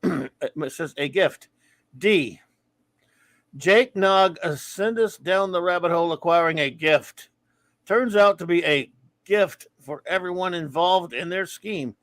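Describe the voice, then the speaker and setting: A man hosts a casual live-stream, rambling through listener reviews and shout-outs and tripping over his words before correcting himself. His voice sits a touch higher than most men's. The sound is close and dry, with no room around it. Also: dry recording. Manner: rambling, stumbling, self-correcting with quick laughs. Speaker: podcast host reading listener reviews.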